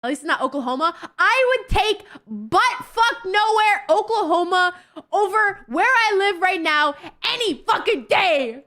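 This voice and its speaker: A young woman streamer chatting casually with her viewers, blunt, excitable and swearing constantly. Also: very high-pitched, measured pace. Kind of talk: casual livestream chat with viewers.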